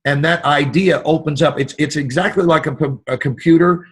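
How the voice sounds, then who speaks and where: A husky, fairly high-voiced middle-aged man tells stories as an interview guest. He talks expansively and drifts into little acted-out voices when quoting people. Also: moderate pace. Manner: expansive, animated, acts out quoted voices. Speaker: guest actor. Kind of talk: motivational storytelling.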